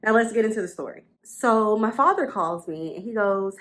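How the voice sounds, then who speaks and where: A woman's voice: medium pitch, fairly quick, hardly any pauses, fairly bright tone. Chatty young woman vlogging from her bedroom. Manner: chatty, repeats phrases for emphasis. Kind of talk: casual storytelling to camera. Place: bedroom at home.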